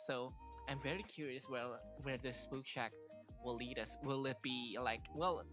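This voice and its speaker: A man streaming a game, chatting casually and excitedly, repeating himself with lots of fillers. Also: on the high side.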